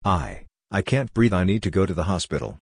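A panicked teenage brother begs desperately for help, as a male narrator reads his lines. The voice is low and husky, close and dry. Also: big pitch swings, fairly quick, dry recording, full character voice. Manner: desperate, pleading.

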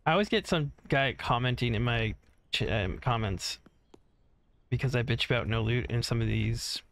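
A man with a medium pitch, moderate pace and fairly bright tone hosts a gaming channel, offering casual let's-play commentary as he plays. He rambles, swears without restraint and hums to himself, speaking into a desk mic separate from his headset.

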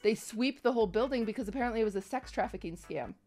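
A young streamer host with a fairly high voice speaks fast as she shares a personal story in casual conversation. She's animated and performs the quoted voices of the people in the tale.

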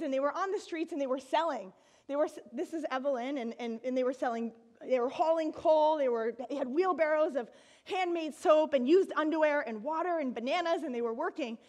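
A woman telling a personal story to an audience, animated and laughing, with bursts of excited shouting. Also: high-pitched. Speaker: speaker giving a talk.

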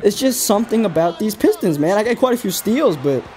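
A man's voice: high voice, animated, fairly quick, a little mellow. A man hosting a gaming video, giving casual, rambling play-by-play commentary with an exasperated, self-critical tone.

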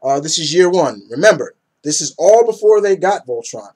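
A man's voice: a little high, unhurried, a little mellow. A man in his thirties casually reviewing comic books, enthusiastic and rambling, often tripping over names.

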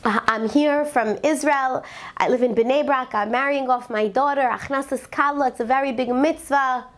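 A woman's voice: high voice, steady tone, normal speed, close to an everyday voice. A woman voicing a timid, poor man from abroad who earnestly pleads for charity. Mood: earnest, pleading. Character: poor male collector from Israel, timid.

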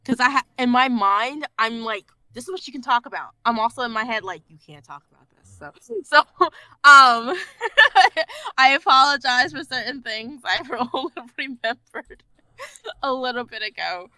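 Brief: lively woman voice actor, bright tone, fairly high voice, dry close sound. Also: a little slow, no room sound. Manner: animated, laughing, expressive. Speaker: guest voice actor. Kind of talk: casual podcast chat.

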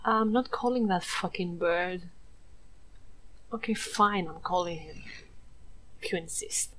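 A woman's voice: fairly low pitch, slow pace, fairly bright tone, slight background noise. Woman from Greece, gameplay commentator, playful and sweary, swings between whispers and squeals. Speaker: gameplay streamer. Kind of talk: let's play commentary.

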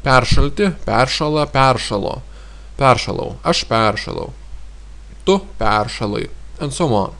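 A male teacher at an ordinary middle pitch walks through each phrase, saying it over and over. He explains as he goes, pausing on fillers and thinking aloud. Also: animated, fairly bright tone. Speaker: language teacher. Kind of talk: explanatory language lesson.

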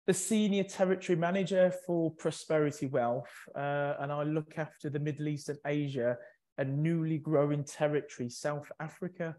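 Brief: keen male guest speaker, higher pitch, upbeat sales energy. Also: fairly even intonation, normal speed, a little mellow. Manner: upbeat and enthusiastic. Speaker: senior territory manager, guest speaker. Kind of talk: online webinar presentation.

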